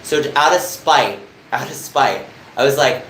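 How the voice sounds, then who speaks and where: A man's voice: medium pitch, normal speed. Young male streamer from New Jersey, rambling live chat with viewers, echoey room with faint air-con hum. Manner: chatty, rambling, answers chat comments. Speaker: livestreamer.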